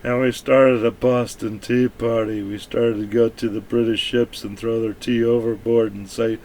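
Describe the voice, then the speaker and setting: A man's voice: mid-range voice, little pitch movement, moderate pace, hardly any pauses, a little mellow. A man from the United States talking bluntly and offhandedly in a rambling, profane vlog monologue. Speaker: vlogger.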